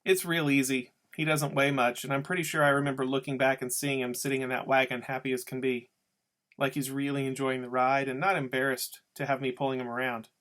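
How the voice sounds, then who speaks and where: A man's voice: mid-range voice, little pitch movement, a little fast, fairly bright tone. A man reading a novel aloud as an audiobook, telling the story in a casual first-person voice. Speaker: audiobook reader.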